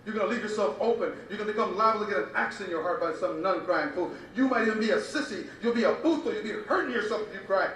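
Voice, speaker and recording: A man's voice: high voice, expressive, fast talker, hardly any pauses, a bit bright, recorded from a distance, a little hiss or hum. A man performing a spoken-word poem with an impassioned, rhythmic, repetitive cadence. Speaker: poet. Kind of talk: spoken-word poetry recitation. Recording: very echoey room, voice from afar.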